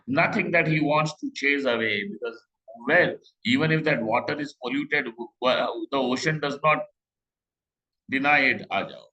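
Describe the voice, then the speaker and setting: A middle-aged man giving a scripture class, talking conversationally with rhetorical questions and slow Sanskrit quotes. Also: medium pitch, sharp tone, lo-fi sound. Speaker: Vedanta teacher.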